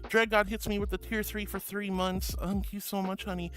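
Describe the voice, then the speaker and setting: A woman's voice: mid-range voice, little pitch movement, normal speed, faint music behind. A woman streaming live, chatting casually with viewers in a bubbly, giggly way, calling them honey and sweetie.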